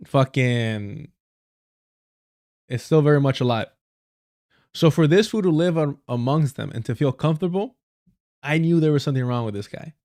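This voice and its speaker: A man with a fairly high voice rants on his livestream, blunt and profane, using plenty of street slang. He circles back on phrases for emphasis and often restarts sentences. The sound is dry and close, with no room echo. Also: animated, moderate pace, long pauses, mellow. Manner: storytelling with repeated phrases and self-corrections. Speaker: livestream host. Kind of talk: casual ranting commentary.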